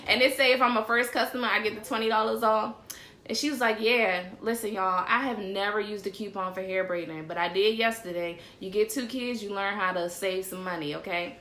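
A woman's voice: medium pitch, brisk. Chatty woman host in a roomy room. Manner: chatty, animated, addresses the audience as y'all. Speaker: show host. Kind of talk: casual chat, livestream. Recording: roomy echo.

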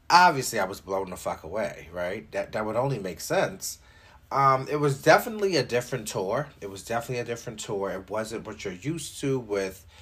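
A young man talks to his listeners in a loose, unscripted solo podcast. His voice is low and a little husky, and his pitch jumps around animatedly as he jokes, curses and pads his sentences with "like.". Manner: animated and joking, with frequent profanity and filler likes. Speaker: podcast host. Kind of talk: casual solo podcast chat.

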